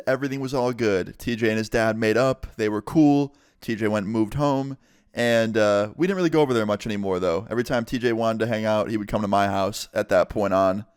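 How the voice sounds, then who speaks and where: Young man, story-time vlogger, animated, profane, dry close sound, mid pitch. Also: clean tone, dry recording. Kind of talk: casual story-time vlog.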